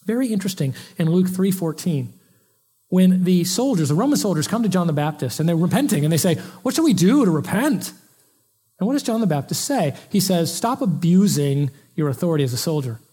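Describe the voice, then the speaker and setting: A high, husky-voiced male pastor preaching. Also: fairly quick. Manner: conversational, animated, acts out quoted lines. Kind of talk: expository sermon. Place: church pulpit.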